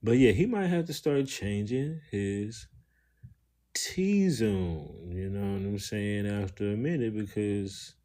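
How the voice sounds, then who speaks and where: Guy rambling on his live stream, lots of slang and cussing, kinda low voice. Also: takes it slowly, warm tone. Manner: rambling, slangy, swears, greets viewers. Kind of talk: casual live stream talk.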